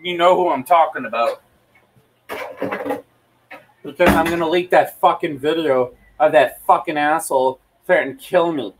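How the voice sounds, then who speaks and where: A man's voice: on the high side, normal speed, pauses often, recorded from a distance, a little hiss or hum, rough recording. A young man ranting heatedly at home, swearing a lot and repeating himself as he livestreams. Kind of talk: angry profane rant.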